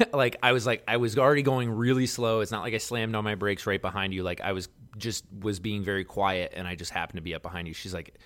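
A man's voice: fairly low pitch, fairly even intonation, fast, a bit bright. A young man co-hosting a podcast, telling a story in a laid-back, slangy way. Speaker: podcast co-host. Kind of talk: casual chat storytelling. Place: Los Angeles.

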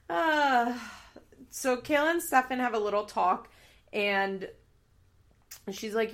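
A woman's voice: on the high side, animated, measured pace, gravelly, fairly bright tone. A woman giving a casual, candid recap of a reality TV episode, swearing freely as she talks.

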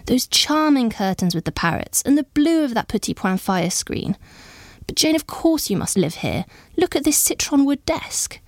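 A woman's voice: fairly high pitch, sing-song, a little mellow, dry recording, studio quality, voice pushed up. A woman putting on a gushing, bossy society lady. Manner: emphatic, exclaiming, quick to overrule.

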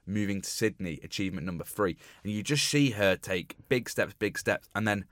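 Man, lowish voice, dry close sound, casual film chat. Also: fairly quick, dry recording. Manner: chatty, animated storytelling with quoted lines. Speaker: podcast host.

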